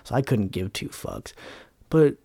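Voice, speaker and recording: A man's voice: mid-range voice, wildly swooping pitch, a little slow, vocal fry, dark tone, husky, no echo, studio quality. A young man hosting a talk show, ranting casually in a blunt, sarcastic and profane way, rambling with lots of fillers. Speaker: podcast host.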